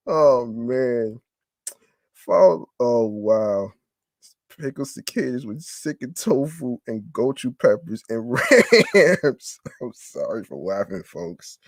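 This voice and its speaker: A male podcast host reads an article aloud and keeps breaking off to react in disbelief, his pitch leaping up and down in a very lively way. He talks at an unhurried, slow pace, restarting and repeating words as he goes. The sound is close and dry, with no room echo. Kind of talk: reading news aloud with incredulous commentary.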